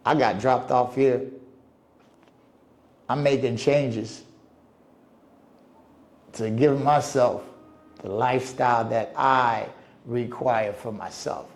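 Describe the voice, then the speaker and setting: Podcast host, man, mid-pitch, casual and animated, mimics the people he quotes. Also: slow pace, vocal fry, pauses often. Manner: animated, restarts and plays out quoted visitors. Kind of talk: casual monologue. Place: living in the Dominican Republic.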